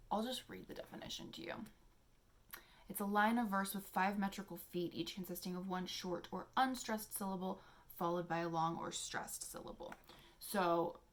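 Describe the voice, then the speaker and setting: A young adult woman hosting a casual teaching vlog, soft-spoken and chatty, with many fillers as she explains poetry exercises. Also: medium pitch, creaky. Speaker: poetry channel host.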